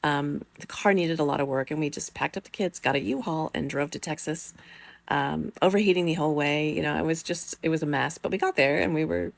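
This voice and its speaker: A woman's voice: deep voice, brisk, vocal fry, no echo. A middle-aged woman telling a personal story in a rambling, casual way, with many fillers and the odd swear word.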